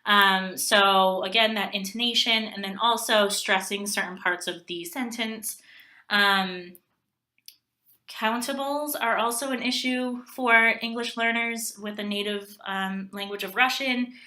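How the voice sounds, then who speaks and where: A young woman giving a class presentation on language learning, pausing often with ums as she explains. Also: medium pitch, fairly even intonation, pushed and bright. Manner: hesitant, many ums. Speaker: graduate student presenter.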